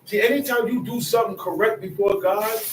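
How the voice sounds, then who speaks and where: A man's voice: sits high, steady tone, fairly quick, a little hiss or hum. A man teaching scripture in an emphatic, conversational way, often repeating his phrases. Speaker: bible teacher. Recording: echoey room, mic at a distance.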